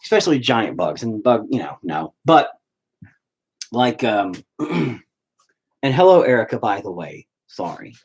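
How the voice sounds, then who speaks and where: A man's voice: on the low side, sing-song, unhurried, pauses often, breathy edge. A man hosts a casual live stream and talks straight to his viewers. He rambles from one thought to the next and swears freely. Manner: profane, rambling.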